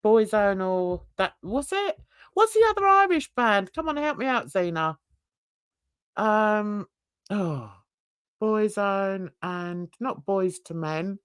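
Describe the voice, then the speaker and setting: A woman's voice: mid-range voice, expressive, slow pace, clear, resonant tone, no echo, clean studio sound. A woman from Britain co-hosting a casual livestream chat, chatty, laughing often and greeting viewers. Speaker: livestream co-host.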